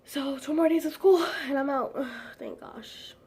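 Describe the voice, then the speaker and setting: A woman's voice: high-pitched, measured pace, warm tone. A teenage girl chatting casually to camera at home, rambling with lots of "like" fillers and giggles. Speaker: vlogger.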